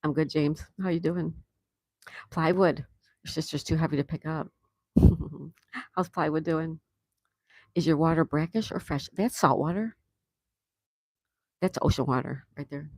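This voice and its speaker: At home in Florida, a woman hosts a casual live stream, greeting viewers and answering their comments while laughing often. Her low, slightly mellow voice is unhurried, with long pauses and no echo.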